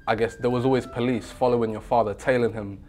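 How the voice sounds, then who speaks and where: A man's voice: mid-range voice, steady tone, fast talker, mellow. A young man hosting a podcast, interviewing his guest in an eager, deferential way and often hedging his questions. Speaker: podcast host.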